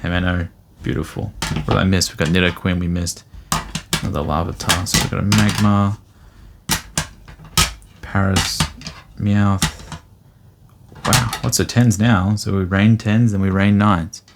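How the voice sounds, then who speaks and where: A man's voice: deep voice, steady tone, a little slow, long pauses, very noisy. A man chatting casually and thinking aloud as he flips through graded trading cards for his vlog. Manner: rambling, easygoing, thinks aloud. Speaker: card collector vlogger.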